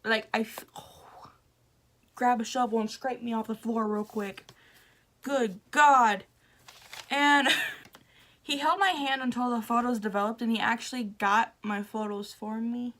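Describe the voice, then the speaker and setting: A young woman chats to her camera, gushing and excitable, often laughing and trailing off mid-thought. Her voice is bright and fairly high, and she talks at an unhurried, drawn-out pace. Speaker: vlogger. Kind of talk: casual storytelling to camera.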